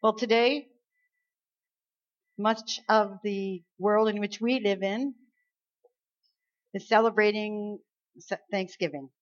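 A woman's voice: medium pitch, fairly even intonation, slow, pauses often. A woman pastor from Canada preaching a sermon, emphatic and full of rhetorical questions. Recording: slightly dull lo-fi sound.

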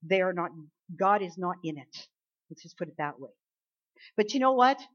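A woman preaching a sermon, talking casually with the congregation and swinging between hushed and emphatic. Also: lowish voice, lively intonation, normal speed, lo-fi sound.

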